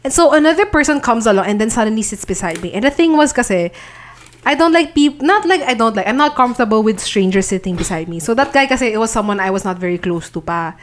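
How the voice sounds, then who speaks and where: A young woman with a Filipino accent, co-hosting a podcast and chatting in a lively way. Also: a little high, a little hiss or hum. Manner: lively and chatty, quick to laugh. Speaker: podcast co-host. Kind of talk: casual chat.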